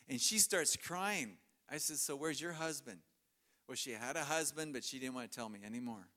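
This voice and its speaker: A middle-aged man delivers a sermon in a church. He tells the story with humor and laughs often as he goes. His voice sits at a middle pitch for a man. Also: animated, brisk, pushed and bright. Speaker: preacher.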